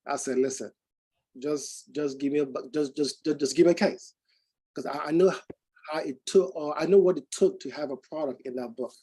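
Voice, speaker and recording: A man's voice: on the high side, normal speed, slightly rough, poor audio. A man in his forties telling a personal story to a group, acting out the dialogue with many restarts. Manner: animated, acts out quoted dialogue with many restarts. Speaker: speaker giving a testimonial.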